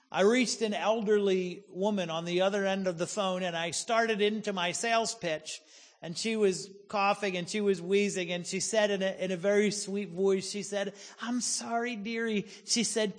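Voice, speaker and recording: A man in his forties, a pastor preaching a sermon, telling a personal story with humor and slowing down for emphasis. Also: sits high, big-room sound. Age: 40s.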